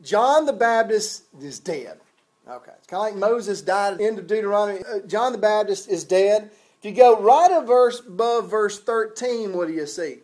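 A man's voice: sits high, lively intonation, normal speed, a little mellow. A man preaching a sermon in a folksy, conversational way, often restarting his sentences. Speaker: pastor.

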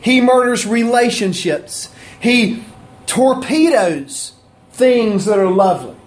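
A man preaching a sermon in a folksy, conversational way, with asides to people in the room and his pitch rising and falling for emphasis. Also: lively intonation, slow pace. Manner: pitch rises and drops for emphasis. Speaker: pastor.

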